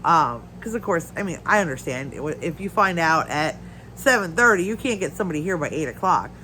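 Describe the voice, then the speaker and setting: A woman's voice: low voice, animated, a little fast, sharp tone, a little hiss or hum, poor audio. Stuffy-nosed woman on a rambling rant. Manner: rambling, ranting storyteller. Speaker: crafting channel host. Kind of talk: casual chat while crafting. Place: her home.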